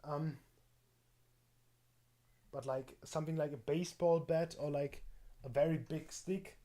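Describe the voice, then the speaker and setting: A man's voice: fairly high pitch, steady tone, a little slow, dark tone. A man streaming in a casual chat, rambling and hesitant with frequent restarts and fillers.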